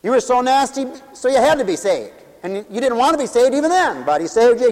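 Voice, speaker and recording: A man preaching a sermon, firing rhetorical questions and swinging from loud declarations to hushed answers. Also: very high voice, very animated, fairly quick. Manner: emphatic, rhetorical questions, sweeping swings in volume. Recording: long hall reverb.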